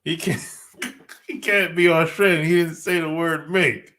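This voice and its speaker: A man's voice: on the high side, fairly even intonation, unhurried, bright, forceful tone. A man hosting a casual podcast, laid-back and teasing, breaking into laughter often. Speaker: podcast host.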